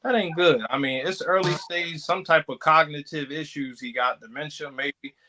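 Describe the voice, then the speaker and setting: A man's voice: fairly high pitch, fairly even intonation, normal speed, pushed and bright, slight background noise, poor audio. A man in casual political chat who tells stories and acts out what others said. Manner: storytelling, acts out quoted remarks.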